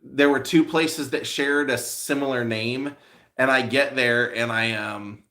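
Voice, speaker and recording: A man talking loosely to his live-stream audience at a middle pitch, the way a vlogger catches up with regular viewers. His stories ramble and double back on themselves. He trips over his own starts before he gets to the point. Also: steady tone, unhurried, pushed and bright. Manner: rambling storyteller with many restarts and fillers. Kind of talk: casual live-stream chat answering viewers.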